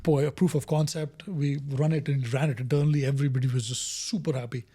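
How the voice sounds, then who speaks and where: A man's voice: mid-range voice, fast talker, slightly rough. A middle-aged man, a guest, talking through a story in an interview and acting out the quoted lines. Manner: animated storyteller who acts out quoted dialogue. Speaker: guest, innovation director.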